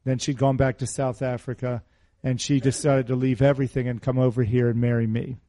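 A man's voice: mid-range voice, flat delivery, fairly quick, dark tone, dry recording. A middle-aged man preaching a sermon, mixing scripture with a personal story and asking his listeners questions in a conversational manner. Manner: conversational, asks the audience questions.

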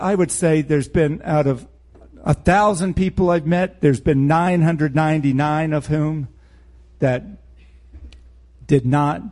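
A man's voice: on the high side, dark tone. A man preaching a verse-by-verse Bible teaching sermon in a blunt, emphatic way, with sarcastic asides.

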